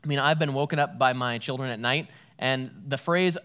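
A man's voice: medium pitch, quick pace, a bit bright, smooth. Man teaching scripture conversationally. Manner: casual, thinks aloud, corrects himself mid-sentence. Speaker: Bible teacher.

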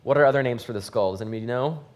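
A man's voice: mid-range voice, racing. A man giving conversational Bible teaching, asking his listeners questions and thinking aloud with fillers.

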